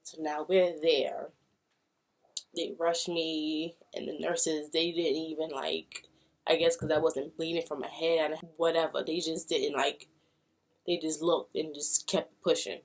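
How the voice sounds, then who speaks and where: Her voice is deep and a little slow, with not much rise and fall. She's a young woman from Brooklyn, New York, vlogging a personal story in a relaxed way and imitating the things others said.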